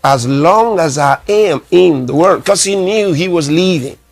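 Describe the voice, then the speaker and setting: A man preaching a sermon, emphatic, repeating his phrases and reading scripture slowly. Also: on the high side. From Nigeria. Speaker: pastor.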